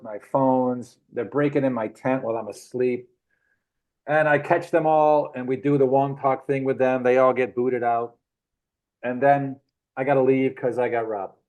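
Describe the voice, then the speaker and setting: A middle-aged man, the guest, telling rambling adventure anecdotes in a casual, animated way with frequent chuckles. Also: mid-range voice, rough recording. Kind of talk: casual storytelling.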